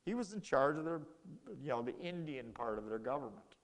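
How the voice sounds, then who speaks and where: A man's voice: mid-range voice, expressive, a little fast, in a large hall. A man giving a casual history lecture in a lecture room, telling it as a story and acting out the quoted exchanges.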